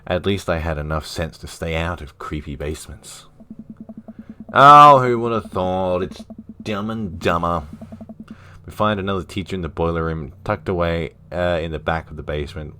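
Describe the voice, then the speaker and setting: A man's voice: very deep voice, slight background noise. A man casually playing a dating game on stream, reading the narration and dialogue aloud with jokey asides.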